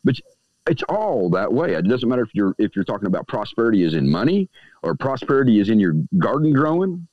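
A man chatting as a podcast guest, his pitch swinging widely as he slips into the voices of people he quotes. He pauses to puff on a cigar between thoughts. The sound is dry and a little muffled, like remote call audio. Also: big pitch swings, dry recording. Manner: smokes a cigar while talking. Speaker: guest speaking on magick. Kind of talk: casual podcast conversation.

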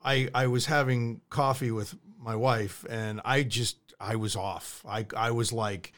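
A man co-hosting a podcast in casual chat, rambling in a self-deprecating way with halting restarts. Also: mid-range voice, steady tone, fairly bright tone. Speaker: podcast co-host.

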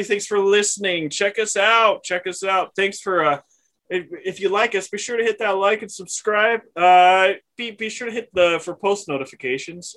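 A man co-hosting a comedy podcast, easygoing and quick to laugh. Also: sits high, fairly bright tone. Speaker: podcast co-host. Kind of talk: casual comedy chat.

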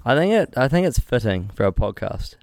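A man's voice: medium pitch, big pitch swings, a little fast, gravelly, a little mellow. A man co-hosting a casual comedy podcast, joking and crude as he rambles. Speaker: podcast co-host.

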